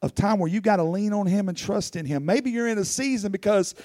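A man's voice: high-pitched, brisk, a little mellow, dry recording, studio quality. A man preaching a sermon as pastor, telling personal stories earnestly and rising into fervent pleading.

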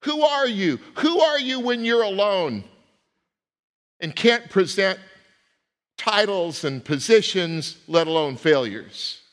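A middle-aged man preaching a sermon, swinging between loud rising questions and low, quiet asides. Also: lively intonation, takes it slowly. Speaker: pastor. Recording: long hall reverb.

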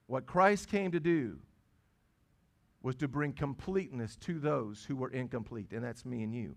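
A man's voice: mid-range voice, normal speed, creaky. A middle-aged man, a pastor, preaching a sermon in a conversational way, with stammered restarts and phrases repeated for stress.

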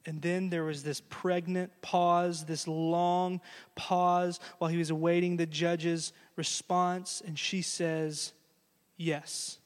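A man preaching a sermon, telling a story earnestly and closing with a quiet blessing. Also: fairly high pitch, in a large hall. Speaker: pastor.

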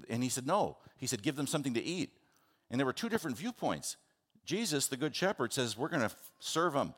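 A man preaching a sermon, earnest and animated, acting out the people in his stories. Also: mid-range voice. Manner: earnest, animated, acts out the disciples in quotes. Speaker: pastor.

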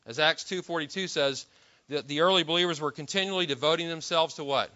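A man's voice: a little high, fast, sharp tone, dull audio. A man preaching a sermon in an emphatic manner, with frequent restarts and rhetorical questions. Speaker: pastor.

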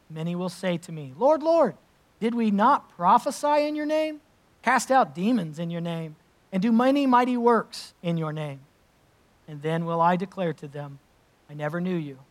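Man, pastor, sermon, emphatic, conversational, fairly high voice. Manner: emphatic, conversational preaching with asides. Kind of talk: sermon with scripture reading.

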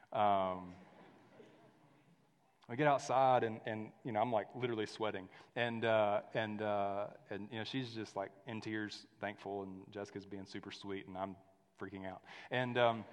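A man in his thirties preaching a sermon, telling a story in a lively way that drops to a hush and rises to loud. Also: fairly low pitch. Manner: storytelling, animated swings from hushed to loud. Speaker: pastor. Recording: long hall reverb.

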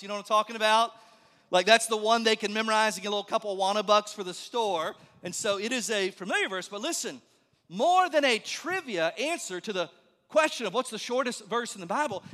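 A male pastor preaching a sermon in a church, conversational and joking, then dropping to a hush for emphasis. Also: high voice. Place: church sanctuary. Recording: long reverb of a large hall.

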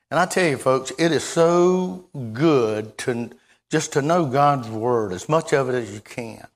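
A preacher delivers a folksy sermon in a mid-range male voice. He stumbles and repeats himself, then rises into sudden loud, emphatic bursts. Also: mid-range voice, a little slow.

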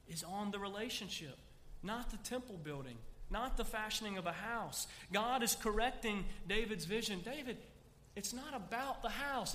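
A male pastor with a high, bright voice preaches in a church sanctuary, stressing scripture passages with rising emphasis. The sound carries a long hall reverb with a faint hum of room noise behind him. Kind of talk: sermon.

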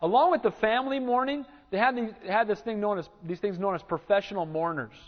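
A man preaching a sermon as pastor, animated and dramatic as he acts out Bible scenes in a church. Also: high voice, fast talker. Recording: reverberant church hall, dull lo-fi sound.

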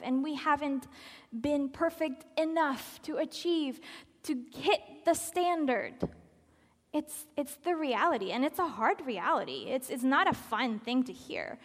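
A woman with a high voice delivers a sermon with animated, expressive energy. She acts out quoted lines and sometimes drops to a soft, almost whispered tone for emphasis. Her voice rings with a long reverb from a large hall. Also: unhurried. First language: Spanish.

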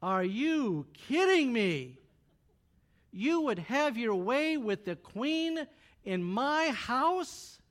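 Man doing a hot-tempered old king, shouting high and loud, storytelling. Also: sing-song, extremely slow, full character voice. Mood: outraged.

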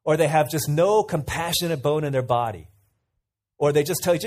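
A man preaching a sermon in a relaxed, chatty way, with a voice pitched a little high. He keeps turning to listeners with direct questions. He tells everyday stories to make his points. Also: normal speed. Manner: conversational, asks the audience questions, tells anecdotes.

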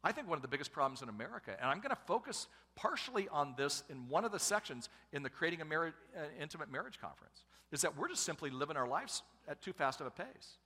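A middle-aged pastor and family speaker preaches a sermon in a relaxed, joking, conversational style, his husky, high-leaning voice bright, forceful and rising and falling a lot. He talks quickly with few pauses, and a large church hall's long reverb trails each phrase.

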